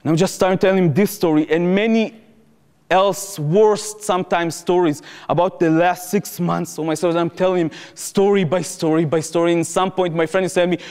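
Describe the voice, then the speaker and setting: Animated Israeli man telling a story. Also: high-pitched, fairly quick, clear, resonant tone. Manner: animated, acts out quoted speech, non-native phrasing. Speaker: former soldier giving testimony. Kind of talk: personal storytelling to an audience. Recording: reverberant hall, live talk.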